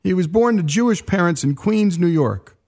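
A man hosting a radio program, narrating a scripted biography segment in a measured, explanatory way. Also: sits high, animated, darkish tone. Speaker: radio host.

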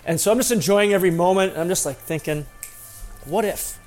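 Man, fairly high voice, casual storytelling, acts out the dialogue, quiet music underneath. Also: quick pace. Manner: conversational, acts out dialogue in the telling. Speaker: storyteller, former hockey player. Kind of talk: casual first-person storytelling.

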